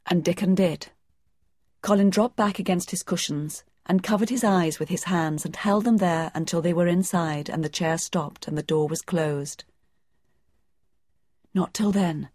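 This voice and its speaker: Low-voiced woman reading an audiobook. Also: normal speed, darkish tone, no room sound, clean studio sound. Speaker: narrator. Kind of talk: audiobook narration.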